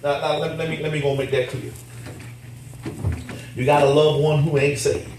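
A man preaching a sermon as pastor, animated and laughing as he acts out his talks with God. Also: fairly high pitch, normal speed, far from the mic, noisy background. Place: church. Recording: echoey church from afar.

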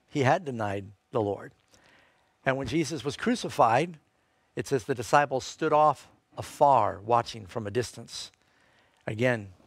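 A man's voice: mid-range voice, dry recording. A man preaching a sermon, telling a scripture story and quoting verses, lifting his voice for emphasis. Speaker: pastor.

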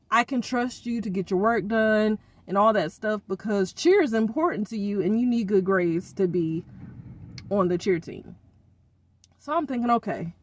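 Middle-aged woman vlogger, venting and slangy, slow delivery, dry close sound. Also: medium pitch, no room sound. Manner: exasperated, venting about her kids; expressive, uses informal slang. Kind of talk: casual vlog rant.

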